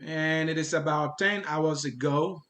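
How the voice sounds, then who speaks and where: Man, interviewer, fairly high voice, halting, repeats words. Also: fairly even intonation, a bit bright. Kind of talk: interview questions.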